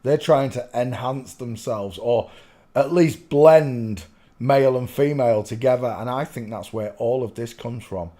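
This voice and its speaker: A man's voice: medium pitch, measured pace, mellow. A man hosting his channel, rambling through casual commentary in a swearing, easily giggling manner. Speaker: channel host.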